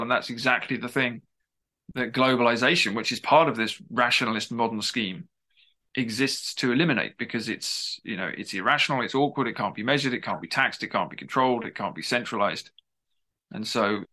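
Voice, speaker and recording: A man's voice: medium pitch, fairly quick, pushed and bright. A man being interviewed as an author, talking at length in an emphatic, discursive way with frequent restarts. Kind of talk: conversational interview.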